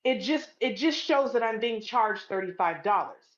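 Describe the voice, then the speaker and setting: Blunt, profane high-voiced woman. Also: animated, normal speed. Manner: blunt, profane, emphatic retelling. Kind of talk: storytime rant to camera. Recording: dull lo-fi sound.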